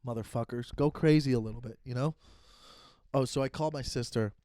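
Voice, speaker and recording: A man's voice: mid-range voice, mellow, no echo, clean studio sound. A man who hosts a comedy podcast, ranting and swearing with lots of restarts, recorded on a phone in his bedroom. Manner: profane, ranting, fast restarts. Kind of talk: solo podcast rant. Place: bedroom with the door closed. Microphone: phone set up pointing at him.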